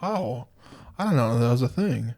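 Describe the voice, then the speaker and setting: A man co-hosting a podcast, chatting casually and reacting quickly. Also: mid-range voice, animated, darkish tone, breathy edge. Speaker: podcast co-host. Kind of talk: casual chat.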